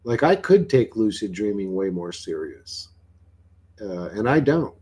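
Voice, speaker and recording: A man's voice: fairly low pitch, very animated, unhurried, a little mellow, breathy edge. Rambling, foul-mouthed man on a livestream. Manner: profane, blunt and rambling. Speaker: livestream host.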